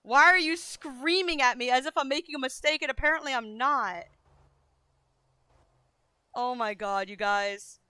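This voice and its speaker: A high-pitched young woman streamer with a bright, crisp voice, talking to her chat. She sounds flustered and self-deprecating and swears freely as she vents. Dry, close sound. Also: unhurried, pauses often, no room sound. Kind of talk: casual livestream talk to chat.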